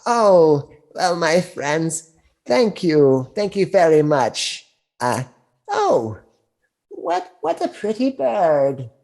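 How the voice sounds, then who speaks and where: A man's voice: on the high side, big pitch swings, gravelly, a little mellow, pitched above the performer's own voice, heavily acted. A man doing a sweet, sly old crone. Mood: sweetly sly. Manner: slow, drawn-out and sweetly grateful. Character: kindly, sly old crone who crafts cups.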